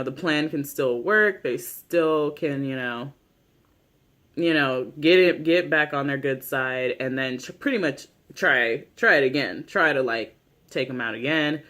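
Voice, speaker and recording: A man's voice: mid-range voice, bright, forceful tone. A man casually recapping a TV episode. He rambles, leans on "like" and "you know", swears freely, and laughs easily. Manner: laughs easily while telling. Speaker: YouTube show recapper.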